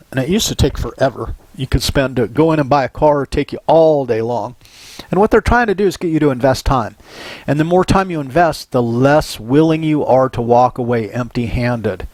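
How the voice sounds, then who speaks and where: An older man from Southern California gives a recorded university psychology lecture in a medium-pitched voice at normal speed, on a dry recording. He tells animated personal stories and often checks in with "right?"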